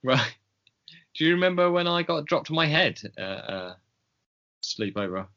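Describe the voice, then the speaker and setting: A man co-hosting a podcast in casual chat, wry and quick to laugh. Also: fairly high pitch. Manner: wry, laughing, animated when opinionated. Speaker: podcast co-host. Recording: dull lo-fi podcast audio.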